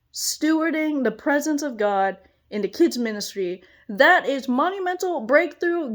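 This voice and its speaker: A young woman with a bright, high voice pours out an excited personal testimony. She talks as a children's church teacher, gushing and exclamatory and quick to laugh between sentences.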